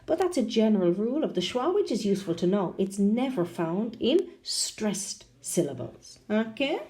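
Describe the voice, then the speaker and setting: A woman teaching English pronunciation online. She often tags her sentences with a questioning "no?" and spells out and exaggerates sounds slowly for learners. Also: medium pitch, sing-song, mellow. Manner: ends many sentences with a questioning "no?".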